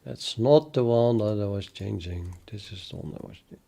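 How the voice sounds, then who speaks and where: A man thinking aloud while he codes live, chatting with viewers in a halting, muttering way that trails off mid-sentence. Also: lowish voice, creaky, warm tone. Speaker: programmer streaming live development.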